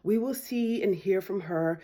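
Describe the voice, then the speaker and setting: A woman's voice: a little slow, mellow. A woman lawyer giving opinion commentary, making an argumentative case and often asking "right?". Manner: argumentative, frequent tag "right?"; acts out quoted voices with big pitch jumps.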